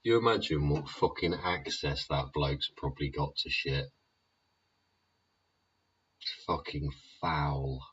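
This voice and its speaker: Low, slow, husky male host, sweary rambler, lo-fi sound. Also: fairly bright tone. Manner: rambling, profane, keeps tagging lines with "yeah?". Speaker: YouTube show host. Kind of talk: sweary ranting monologue. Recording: dull lo-fi recording.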